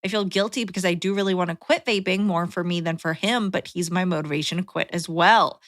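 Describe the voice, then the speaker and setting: A woman co-hosting a podcast, reading listener letters aloud in a plain, steady way. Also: fairly low pitch, fairly quick, dry recording, clean studio sound.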